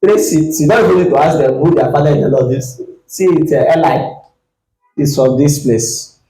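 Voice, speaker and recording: A pastor preaching a sermon, reading scripture slowly and acting out the dialogue with energy. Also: male voice, on the high side, warm tone, roomy sound, rough recording. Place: church.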